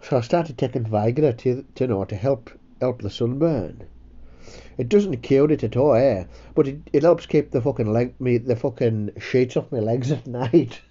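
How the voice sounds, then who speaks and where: A man's voice: mid-range voice, moderate pace, dark tone, dull audio. A man hosting a comedy podcast, rambling, sweary and self-mocking. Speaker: podcast host. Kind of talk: casual comedy chat.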